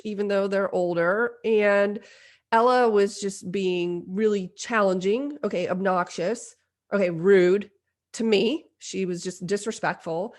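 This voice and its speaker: Woman podcast host in her forties, candid and self-deprecating, middle pitch. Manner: self-deprecating, confessional, lively retelling. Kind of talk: candid personal storytelling.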